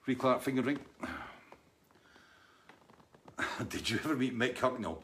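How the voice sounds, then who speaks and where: A man's voice: medium pitch, lively intonation, takes it slowly, pauses often, a bit bright. A man in his sixties, a musician, casually answering viewer questions from his studio in a rambling, anecdotal way full of restarts and asides.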